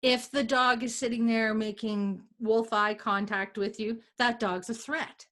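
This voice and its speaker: A middle-aged woman with a notably high voice talks through ideas in a casual, conversational way. She acts out inner dialogue as she goes, animated and quick to laugh. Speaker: energy healer guest.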